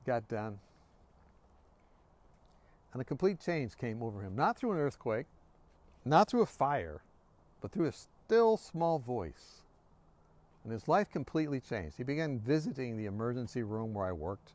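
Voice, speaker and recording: A man giving an earnest devotional talk, telling a story from his workplace and often dropping to a hushed, quiet voice. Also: medium pitch, very animated, a little slow, pauses often. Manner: earnest, sinks to a hushed near-whisper. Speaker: devotional speaker.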